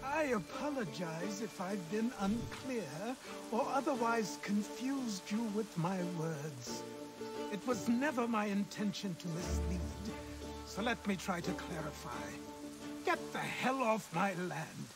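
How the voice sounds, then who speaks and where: An actor playing a curt, hostile old man in a video game, with loud game music behind him. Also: high voice, animated, measured pace. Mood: stern. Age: older. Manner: curt, scornful, commanding.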